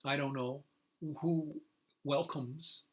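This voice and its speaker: Older male activist, bright, tense voice, rambling, choked-up solo livestream rant with indignant flare-ups. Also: a little high, steady tone, slow. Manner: emotional, rambling, with many restarts and sudden indignant outbursts.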